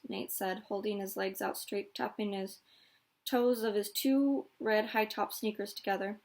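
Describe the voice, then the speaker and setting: A woman teacher reading a children's novel aloud in a steady, clear storytelling manner. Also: mid-range voice, measured pace.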